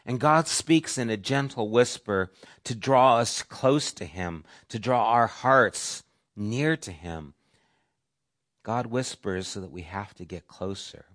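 Low-voiced man preaching a sermon. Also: lively intonation, slow pace. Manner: varies volume, dropping to soft whispers for emphasis. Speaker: pastor.

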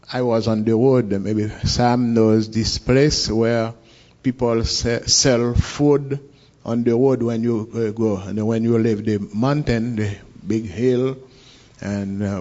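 A man with a Haitian accent recounts a personal story for an interviewer. He speaks at an unhurried, halting pace, pausing to search for English words, in an ordinary middle-pitched voice. The recording sounds muffled and lo-fi. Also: a little mellow. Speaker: guest telling his story. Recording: dull lo-fi recording.

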